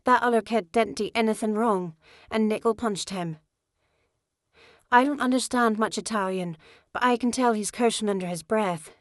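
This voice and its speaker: A woman reading a first-person novel as an audiobook narrator, steady in her storytelling. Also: on the high side, moderate pace, no room sound, studio quality.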